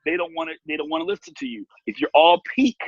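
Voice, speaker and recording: A man who works as a TV warm-up host and emcee, talking animatedly on a video call with big swings in pitch and loudness. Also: quick pace, no echo. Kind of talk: casual video-call interview. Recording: dull lo-fi video-call audio.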